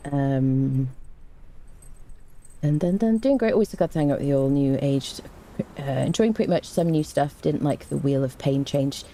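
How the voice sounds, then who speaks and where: A British woman streaming a game live, chatting warmly with viewers, greeting them and reading patch notes with frequent ums and restarts. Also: a bass voice, moderate pace.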